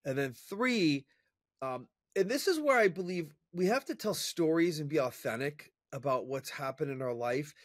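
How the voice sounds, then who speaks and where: A man's voice: fairly high pitch, moderate pace, dry recording. Chatty man telling a story, dry sound. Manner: energetic, chatty storyteller with fillers and restarts. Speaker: interview guest, professional speaker. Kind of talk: casual storytelling in conversation.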